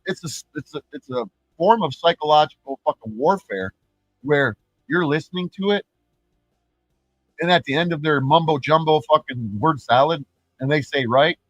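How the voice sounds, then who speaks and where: A man's voice: fairly high pitch, moderate pace, dry recording, faint music behind, poor audio. A man ranting on his live stream, profane and rambling, who often restarts his words.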